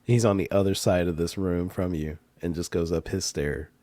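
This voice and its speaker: A man's voice: sits low, steady tone, normal speed, warm tone. A man narrating as game master of a tabletop game, laid-back and laughing, getting hyped at dice rolls.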